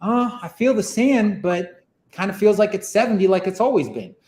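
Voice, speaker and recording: A man voicing a naive, clueless clone who speaks in a flat, matter-of-fact way. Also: sits high, normal speed, reverberant, pitched above the performer's own voice.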